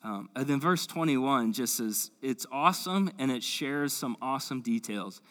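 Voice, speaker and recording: A man's voice: medium pitch, expressive, moderate pace, fairly bright tone. Enthusiastic pastor man teaching. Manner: enthusiastic, conversational, says "man" and "like". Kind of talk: Bible teaching. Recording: long hall reverb.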